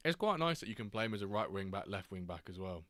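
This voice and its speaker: Chatty man, low voice. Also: no room sound. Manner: chatty, reacts to chat readers by name, quick excited asides. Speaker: streamer host. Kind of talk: casual live-stream chat over a football game.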